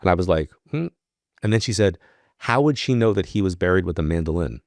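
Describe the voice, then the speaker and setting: A man's voice: low-pitched, fairly quick, no echo, studio quality. A man from New York, a podcast guest, telling a long personal story in casual talk and acting out the voices of the people in it. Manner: animated storyteller acting out quoted dialogue. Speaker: podcast guest, psychic medium.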